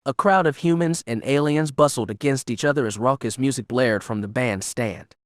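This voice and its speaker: A man reading an audiobook narration in an even, measured way. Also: mid-range voice, dry recording, studio quality. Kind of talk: scripted narration.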